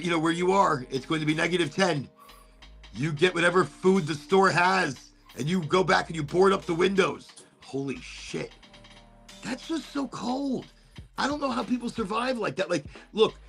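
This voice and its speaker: A man's voice: sits high, normal speed, creaky, a bit bright, soft background music. A man hosting a casual chat, rambling and swearing easily as he talks about holidays and family. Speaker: host.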